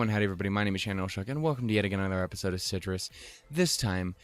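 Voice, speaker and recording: A man from Montana chats loosely as host of his own reaction video, laughing easily and cursing without a second thought. His voice sits fairly low, and he keeps mocking his own slip-ups. A bit of music plays faintly behind him. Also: lively intonation, very fast, no room sound. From Montana, USA. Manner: giggly, profane, self-mocking. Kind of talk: casual reaction commentary.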